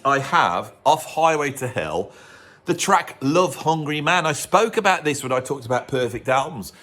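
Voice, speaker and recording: A man's voice: on the high side, a bit bright. A middle-aged man, hosting a casual music vlog in a cold room at home, rambling and often breaking off mid-thought. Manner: rambling, digressive, self-interrupting. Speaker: music video host.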